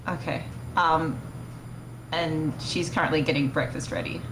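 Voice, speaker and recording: A woman's voice: low-pitched, unhurried, noisy background. A woman playing a tabletop game, hesitant and casual. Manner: hesitant, breaks into character voice. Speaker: player. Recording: echoey room.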